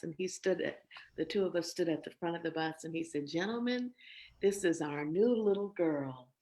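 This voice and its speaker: An older woman telling a story as a guest, animated and laughing, acting out quoted lines. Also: on the low side. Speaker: guest vocalist. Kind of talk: storytelling in a conversation.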